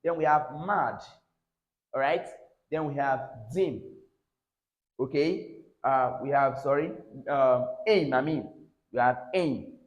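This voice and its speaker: A man's voice: mid-range voice, slow, long pauses, lo-fi sound. A man teaching English pronunciation, drilling each example word and tagging his lines with "all right?". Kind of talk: classroom phonics lesson. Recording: roomy echo.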